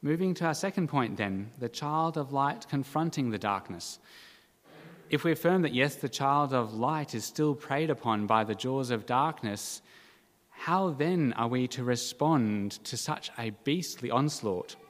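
A man preaching a sermon in an earnest, measured way, with dramatic quoted cries now and then. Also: medium pitch, expressive, in a large hall. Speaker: pastor.

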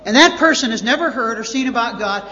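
A man's voice: very high-pitched, lively intonation, fast, bright, forceful tone. A man preaching a sermon as pastor, emphatic and repeating words for stress. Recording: dull lo-fi audio with long reverb.

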